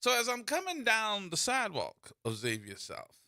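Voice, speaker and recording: A man hosting a call-in radio show, telling stories in an animated way with repeats and restarts, into a studio microphone. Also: high voice, normal speed, dry recording. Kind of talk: call-in talk radio monologue.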